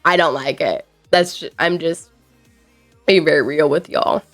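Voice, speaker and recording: A woman's voice: low voice, a little slow, fairly bright tone, soft background music. A woman streamer chatting casually with her viewers, rambling and reacting playfully to chat messages. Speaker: live streamer.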